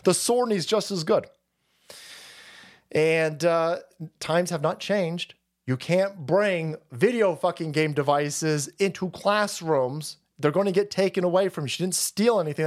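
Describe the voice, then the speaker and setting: A middle-aged man hosting a live stream, rambling through a foul-mouthed rant and calling his viewers "boys." His speaking voice sits somewhat high for a man. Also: moderate pace. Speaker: streamer host. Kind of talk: casual ranting stream.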